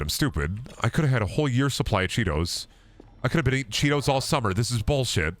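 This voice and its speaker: A young man streaming a game, rambling in a self-mocking way and swinging into loud mock outrage. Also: medium pitch, sing-song, fast talker, no echo. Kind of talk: casual gaming stream chatter.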